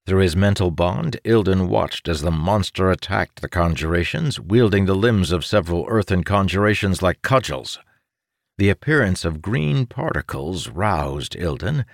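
A man narrating a fantasy story as an audiobook reader, in a dramatic, expressive read that leaps up for the characters' shouts. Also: low voice, vocal fry, dry recording, clean studio sound.

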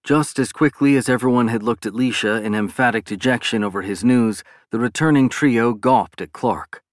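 A man narrating a science fiction novel in a steady, measured reading. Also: medium pitch, dry recording, studio quality. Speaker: audiobook narrator. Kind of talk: scripted narration.

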